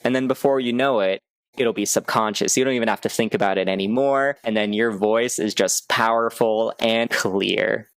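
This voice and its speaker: A man's voice: lowish voice, steady tone, moderate pace, no echo. Dry-voiced man coaching public speaking. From United States. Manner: clear, upbeat teaching delivery with vocal demonstrations. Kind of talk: instructional video talk.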